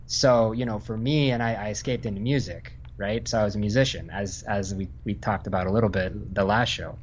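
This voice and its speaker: A man's voice: lowish voice, fairly even intonation, a little fast, dull audio, a little hiss or hum. A man from Northern Virginia, an Army veteran, talking casually on a podcast with lots of fillers and restarts. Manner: rambling, many fillers and restarts. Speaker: guest, Army infantry veteran.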